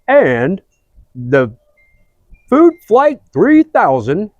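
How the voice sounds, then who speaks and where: A booming, over-excited commercial announcer pitches a product in a homemade parody ad, as a man puts him on. The voice sits well above the man's usual speech and gets loud, with slow, stretched words. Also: no room sound, muffled recording, exaggerated voice. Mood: hyped. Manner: loud, hyped pitchman delivery.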